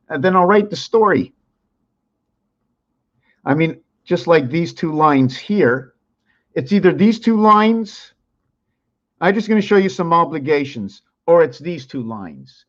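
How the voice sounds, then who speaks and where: A man hosting his own channel who explains things while drawing, thinking aloud in a wandering way and repeating words. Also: a little high. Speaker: channel host. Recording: dull lo-fi sound.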